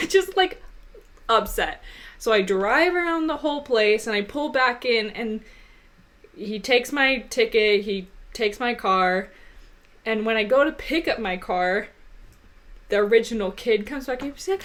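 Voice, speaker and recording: Young woman, podcast co-host, lively storyteller, laughs a lot, slightly high voice. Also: measured pace. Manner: animated, laughing, gets high and loud when retelling upset moments. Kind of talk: casual storytelling chat.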